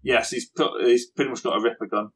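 A man narrating a tabletop role-playing game as game master, setting scenes slowly. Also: mid-range voice, steady tone, fairly bright tone, a little hiss or hum.

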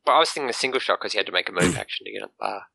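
A man's voice: fairly low pitch, animated, very fast, gravelly, sharp tone, slight background noise. A man playing a tabletop role-playing game, talking eagerly about rules and rolls. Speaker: player.

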